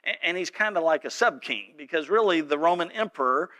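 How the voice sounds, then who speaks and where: A man, a pastor telling a story in a folksy, animated sermon. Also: fairly high pitch, a little fast.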